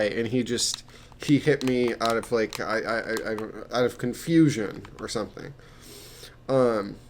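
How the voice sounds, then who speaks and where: A man's voice: medium pitch, slight background noise. A young man casually telling rambling stories about his job as a peer mentor, with many restarts and fillers, swearing here and there. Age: young adult.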